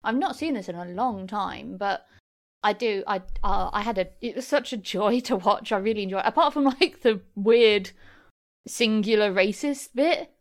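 A woman's voice: medium pitch, moderate pace. A woman co-hosting a podcast, chatting casually about a film and laughing often. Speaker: podcast co-host.

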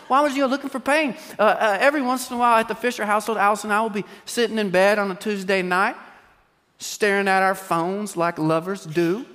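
High-voiced joking pastor in a hall. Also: male voice, fast talker. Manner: humorous storytelling, swings between hushed and loud. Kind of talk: sermon. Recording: long hall reverb.

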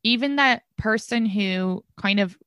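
A woman's voice: mid-range voice, measured pace, fairly bright tone, smooth, no room sound, studio quality. A young Irish woman hosting a podcast, chatting frankly and casually and swearing freely. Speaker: podcast host. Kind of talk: casual chat.

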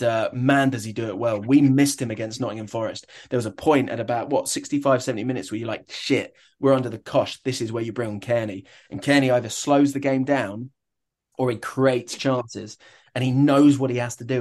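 A man's voice: mid-range voice, a little mellow. A young adult man, a stadium announcer, chatting in an interview and telling stories with enthusiasm and many restarts. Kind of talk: casual interview chat.

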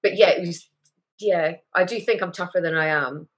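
A woman, a guest on an interview, talking openly and emotionally with lively retellings. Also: fairly low pitch, moderate pace. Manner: emotional, candid, animated retelling. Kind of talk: casual interview chat.

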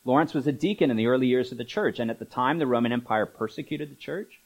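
A man's voice: mid-range voice, quick pace, dull audio. A man preaching a sermon as pastor, in a conversational manner full of asides and filler words. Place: church.

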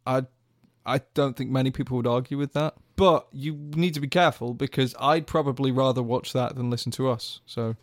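A man co-hosting a podcast, dropping wry, deadpan asides in casual banter. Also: mid-range voice, a little fast. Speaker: podcast co-host.

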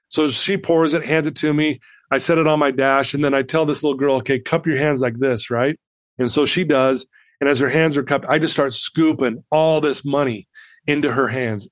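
A man's voice: a little high, no echo, clean studio sound. Earnest man telling a heartfelt story. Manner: earnest, heartfelt, halting with restarts. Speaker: podcast guest. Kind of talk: emotional personal storytelling.

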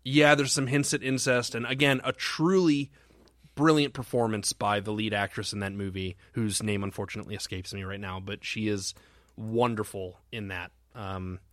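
A man co-hosting a horror film podcast, talking in a rambling, halting way with casual swearing. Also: fairly low pitch, steady tone, a bit bright, dry recording. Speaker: podcast co-host.

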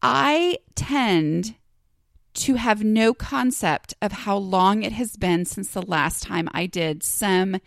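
A woman's voice: mid-range voice, slow, vocal fry, no room sound. Chatty woman podcasting, dry close sound. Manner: chatty, rambling, self-deprecating with many fillers. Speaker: podcast host. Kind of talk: casual solo podcast talk.

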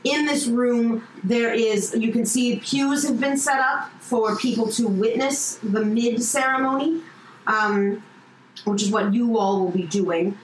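A woman's voice: a little high, steady tone, unhurried. Woman narrating a tabletop game in an echoey room. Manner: casual, with frequent fillers. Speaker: game master. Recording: echoey room, faint noise.

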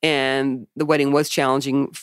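A woman's voice: extremely low pitch, flat delivery, normal speed, clear, resonant tone, dry recording, clean studio sound. A woman co-hosting a podcast, telling candid stories in a chatty style and swearing freely. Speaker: podcast co-host. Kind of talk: casual chat.

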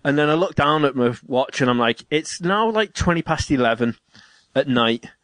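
A man's voice: fairly high pitch, moderate pace, dry recording. A man chatting casually and telling a home-repair story, swearing freely and acting out what people said. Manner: swears freely, tells stories with animated quoted voices. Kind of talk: casual chat.

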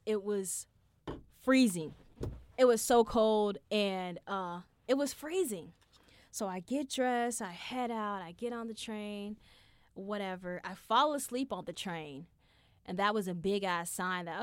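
A young woman hosting a podcast, telling a personal story in a chatty, profane, animated way and acting out what people said. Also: medium pitch, unhurried, smooth, no room sound. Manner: chatty, profane, animated, acts out her own quotes. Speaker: podcast host. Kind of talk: casual storytelling monologue.

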